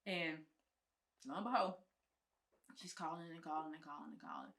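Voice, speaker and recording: A woman's voice: deep voice, normal speed. A woman, a guest on a chat show, telling a personal story in casual, colloquial speech and acting out what others said. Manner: animated, acts out the quoted lines of others; colloquial, frank speech with swearing. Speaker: guest, film producer and writer.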